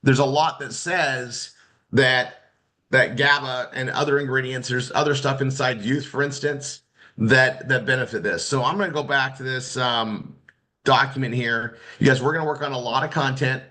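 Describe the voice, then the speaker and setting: A man with a bright, forceful voice coaching students in a loose, off-the-cuff training session. He talks in a rambling way, full of restarts and "you guys" asides. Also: mid-range voice, fairly even intonation, normal speed. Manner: rambling, many restarts and fillers. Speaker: marketing instructor. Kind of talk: casual training talk.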